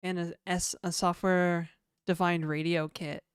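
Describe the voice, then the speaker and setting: A woman voicing an eager male coworker who loves tech gadgets, in her own smooth voice. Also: fairly low pitch, little pitch movement, measured pace, no echo, clean studio sound, natural voice. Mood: excited.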